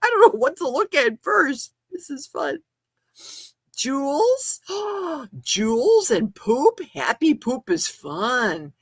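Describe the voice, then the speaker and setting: A woman hosting a casual livestream, gasping and squealing with excitement as she reads gifts. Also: sits high, slow, dry recording, studio quality. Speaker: livestream host.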